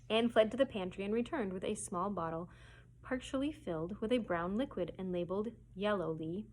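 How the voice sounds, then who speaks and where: A woman librarian reading a children's chapter book aloud in a gentle storytelling manner. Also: mid-range voice, expressive, moderate pace, rough recording. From United States.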